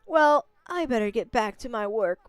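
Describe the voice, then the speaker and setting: A woman's voice: on the high side, expressive, moderate pace, clean tone, dry recording, lightly acted. A woman voicing a doting old granny with a Southern drawl. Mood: doting fretful. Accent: put-on Southern US drawl. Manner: folksy, fretful, gently doting. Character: kindly fussy old village grandmother. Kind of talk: voicing game characters while streaming.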